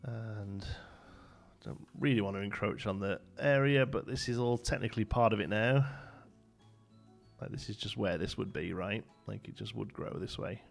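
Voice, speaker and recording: A man's voice: on the low side, moderate pace, creaky, soft background music. A young man chatting casually and rambling as he plays and builds on a live stream, laughing often and answering chat.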